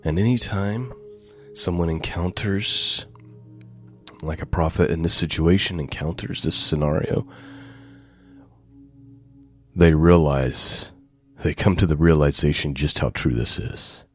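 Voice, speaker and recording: A man preaching a sermon, reading scripture aloud and then explaining it with deliberate, emphatic repetition. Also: rumbling low, faint music behind. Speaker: pastor.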